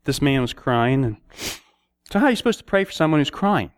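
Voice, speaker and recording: A man preaching a sermon, telling stories and acting out prayers and dialogue with sudden rises in pitch. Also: big pitch swings, fairly quick, clean tone, dry recording, clean studio sound.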